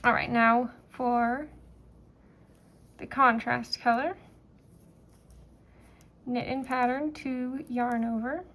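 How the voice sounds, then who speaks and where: A woman teaching a knitting pattern step by step, talking in a relaxed way with fillers and pauses as she works. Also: fairly high pitch. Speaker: knitting instructor. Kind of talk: step-by-step craft tutorial.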